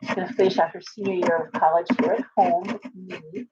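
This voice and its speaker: A woman's voice: on the low side, fairly even intonation, fairly quick, mellow, slight background noise. Chatty middle-aged woman hosting a livestream. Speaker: livestream host. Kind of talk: casual live chat with viewers. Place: at home. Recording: dull lo-fi livestream audio.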